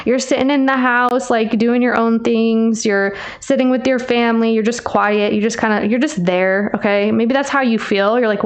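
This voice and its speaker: A woman's voice: a little high, fairly even intonation, normal speed, few pauses. A woman giving a casual tarot reading, chatty and teasing, calling the listener babe. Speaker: tarot reader.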